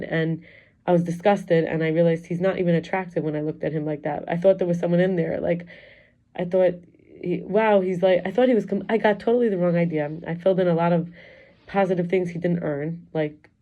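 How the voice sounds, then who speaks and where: A woman's voice: on the low side, fairly even intonation, a little fast, mellow, lo-fi sound. A middle-aged woman talking candidly in a rambling, confessional personal vlog, reflecting aloud as a wellness coach.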